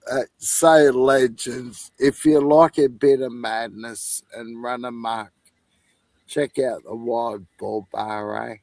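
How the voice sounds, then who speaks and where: A man's voice: medium pitch, fairly even intonation, slow pace, gravelly, a little mellow, no room sound. A man with an Australian accent, chatting on a live stream in a laid-back, rambling way, swearing and chuckling often. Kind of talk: casual rambling chat.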